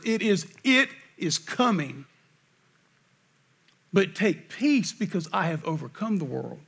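A man's voice: high-pitched, sing-song, slow, creaky, long pauses, a bit bright, husky. A man preaching a sermon, reading scripture aloud and asking earnest rhetorical questions. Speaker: pastor.

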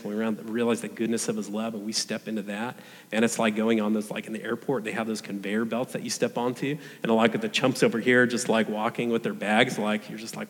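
A man's voice: lowish voice, long reverb tail. A young adult man preaching a sermon in a conversational, earnest way.

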